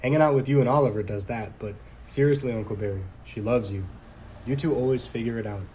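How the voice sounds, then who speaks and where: A man's voice: mid-range voice, fast talker, darkish tone, slight background noise, natural voice. An actor playing a young man's supportive, wisecracking nephew, easygoing and teasing.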